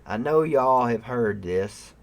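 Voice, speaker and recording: A man hosting a livestream, rambling and cursing with bursts of loud mock outrage at his live chat. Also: mid-range voice, animated, slow. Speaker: livestream host. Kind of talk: casual profane rant to live chat. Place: room at home.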